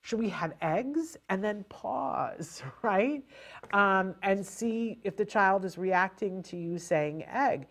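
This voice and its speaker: A woman's voice: mid-range voice, slow. A woman hosting a live show, giving parents advice on language delay and acting out the playful lines they say to a child. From California, USA. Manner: animated, acts out playful baby talk to a child. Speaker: host.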